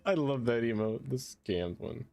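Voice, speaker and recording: A man's voice: mid-range voice, expressive, measured pace, gravelly, dark tone. Chatty man streaming with music behind. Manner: chatty, laughs often, talks to chat and to himself. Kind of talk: casual live-stream chat while playing a city builder.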